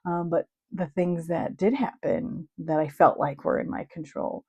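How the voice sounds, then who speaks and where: A woman's voice: fairly low pitch, steady tone, unhurried, darkish tone, slightly rough, no echo, dull audio. A middle-aged woman, a marriage and family therapist, talking candidly and reflectively about her own experiences. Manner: reflective, earnest, openly sharing. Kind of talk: candid personal talk.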